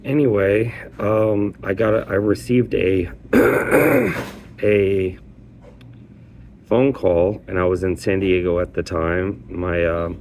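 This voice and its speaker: Deep-voiced man telling a rambling story. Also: animated, a little mellow, a little hiss or hum. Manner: rambling, halting delivery with frequent restarts. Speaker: petition worker. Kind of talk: casual spoken storytelling.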